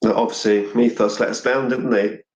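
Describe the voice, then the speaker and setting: A man's voice: on the low side, steady tone, moderate pace, a little mellow, roomy sound, dull audio. A man joining a live stream as a guest, chatting casually and teasing the host. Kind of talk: casual chat as a remote guest.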